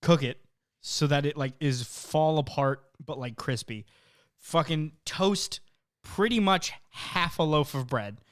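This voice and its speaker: A man co-hosting a casual podcast, telling a story with lively energy and frequent swearing. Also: fairly high pitch, slow. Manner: animated storyteller, swears often. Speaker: podcast co-host. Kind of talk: casual chat.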